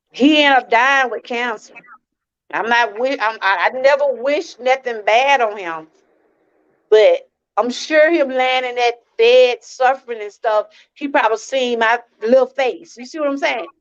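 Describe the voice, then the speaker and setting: High-voiced woman on a lo-fi livestream. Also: a little slow, a bit bright. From Georgia, US. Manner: earnest, repeats herself, talks straight to viewers. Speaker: channel host. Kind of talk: live-stream testimony talk.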